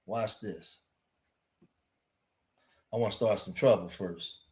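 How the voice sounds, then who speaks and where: Dude doing a reaction stream, gets loud and fired up, talks to y'all. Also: male voice, on the low side, takes it slowly. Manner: animated, rising to loud emphatic outbursts, addresses viewers as y'all. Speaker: commentary host. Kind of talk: casual reaction commentary.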